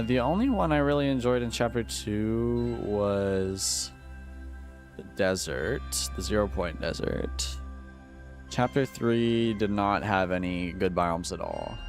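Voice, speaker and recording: Over soft background music, a man with a mid-range voice talks slowly while streaming a game. He chats casually with his viewers, joking around and using lots of slang.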